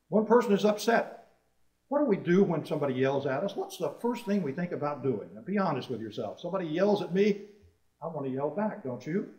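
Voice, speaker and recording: A man gives a sermon in a church hall, his voice sitting somewhat high for a man. He leans hard on key phrases and keeps turning questions on his listeners. The recording is dull and distant, with the room echoing around him. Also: a little mellow. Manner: emphatic, rising on key phrases, asking the congregation questions. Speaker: preacher.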